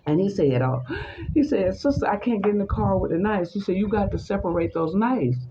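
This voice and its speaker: In a medium-pitched voice and at a fairly quick pace, a woman animatedly recounts a personal story in conversation, acting out the voices of those involved. The audio is dull, with background noise.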